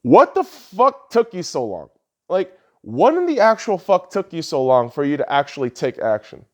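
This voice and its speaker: A man hosting a podcast, ranting heatedly and swearing often, his voice lurching between loud outbursts and low mutters. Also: wildly swooping pitch, moderate pace. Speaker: podcast host. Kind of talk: ranting political commentary.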